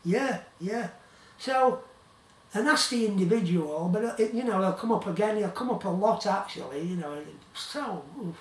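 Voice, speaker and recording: A man's voice: sits high, expressive, normal speed. A man with a Yorkshire accent telling a long rambling story in casual talk, often repeating himself. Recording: roomy, distant from the mic.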